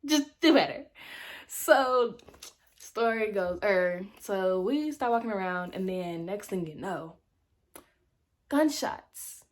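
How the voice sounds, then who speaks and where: A young woman telling a storytime vlog in a chatty, slangy way, with sudden dramatic jumps in pitch. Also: animated, slow pace. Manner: slangy casual speech. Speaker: vlogger.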